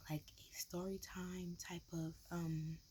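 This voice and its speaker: A woman, whispering and talking low in a whispered role-play style, chewing gum close to the mic, with many likes and ums. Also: flat delivery, slow pace, background noise. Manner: mixes soft whisper with low talking, filler-heavy. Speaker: ASMR vlogger. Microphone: close ASMR mic, gum chewing.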